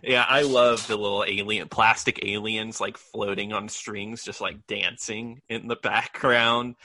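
Male podcast co-host, sharp, bright voice, dry close sound, eager and animated. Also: lowish voice, unhurried, no echo. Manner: enthusiastic, animated reactions. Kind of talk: casual movie review chat.

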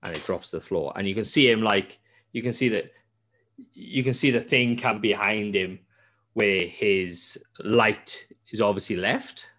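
A man, a podcast host telling a game's story in casual chat, animated and full of swearing and restarts. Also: fairly low pitch, unhurried.

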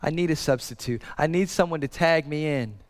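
A man's voice: on the high side, a little fast, long reverb tail. A man in his thirties preaching a sermon in an earnest, conversational way, repeating phrases for emphasis. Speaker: pastor.

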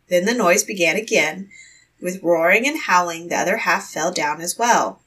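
Female storyteller, bright and breathy, reading a fairy tale from a slight distance. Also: on the low side, moderate pace. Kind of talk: fairy tale read aloud.

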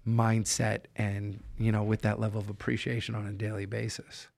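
A man's voice: on the low side, monotone, moderate pace, gravelly, a little mellow. A man hosting a heart-to-heart interview, telling stories in an earnest, upbeat way. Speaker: podcast host.

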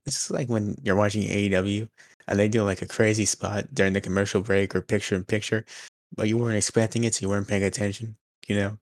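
Low-voiced deadpan young man. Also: fast, no room sound. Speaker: podcast co-host. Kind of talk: casual chat.

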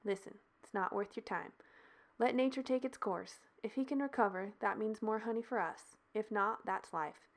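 A woman voicing an easygoing grown man who talks calmly and gently. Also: medium pitch, moderate pace, natural voice. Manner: calm, gently persuasive.

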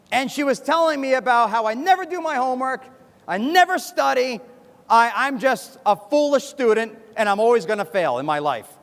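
A man preaching a sermon as pastor, animated and acting out other people's voices. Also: very high voice. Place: church sanctuary. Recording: long hall reverb from a church.

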